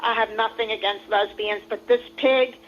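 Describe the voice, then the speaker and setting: A woman's voice: fairly high pitch, steady tone, normal speed, a bit bright, lo-fi sound, a little hiss or hum. Indignant woman ranting over a call. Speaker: call-in guest. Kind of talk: heated ranting on a stream call.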